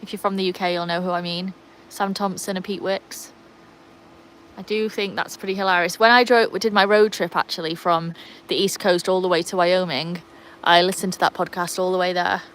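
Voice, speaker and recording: A woman's voice: on the low side, steady tone, moderate pace, fairly bright tone, slight background noise, rough recording. Chatty English woman livestreaming outdoors. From England. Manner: chatty, reads out viewer comments and greets them by name; baby-talks and calls to the dogs. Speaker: livestream host with dogs. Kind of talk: casual livestream chat. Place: outdoors by a pool in sunshine.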